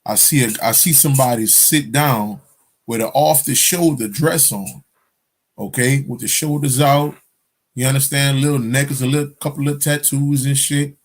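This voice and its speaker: A man's voice: medium pitch, moderate pace. A man telling a personal spiritual story in a casual, profane, rambling monologue, often checking in with "you understand?". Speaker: spiritual vlogger.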